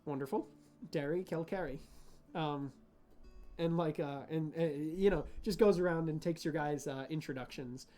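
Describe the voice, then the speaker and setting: A man's voice: on the high side, moderate pace, mellow, soft background music. A man narrating as game master in a tabletop game. His narration is loose and casual, full of fillers and restarts.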